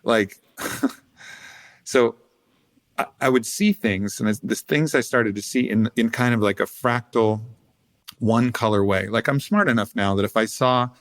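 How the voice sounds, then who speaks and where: A man's voice: mid-range voice, unhurried, long pauses, fairly bright tone. A man, a podcast guest, telling a loose, rambling story with swearing and laughing asides. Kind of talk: casual storytelling.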